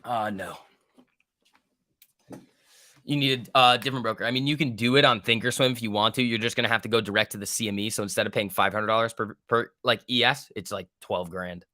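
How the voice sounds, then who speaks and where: This trading stream host has a lowish, bright, forceful voice and talks a little fast, recorded at studio quality with no echo. In casual live market commentary, he speaks loosely and thinks aloud while reading the market, dropping the odd swear.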